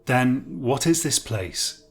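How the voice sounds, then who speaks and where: A man's voice: medium pitch, lively intonation, slow pace, faint music behind. A man playing a polite, bewildered young English man in a storybook reading. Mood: confused. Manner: bewildered, questioning.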